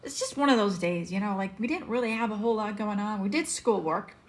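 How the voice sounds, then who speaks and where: A woman vlogging casually at home with a handheld camera, chatty and quick to laugh. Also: mid-range voice. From Southern United States. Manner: chatty, laughs often, coos at pets. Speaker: vlogger, mom. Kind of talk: casual vlog chat. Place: home and snowy backyard.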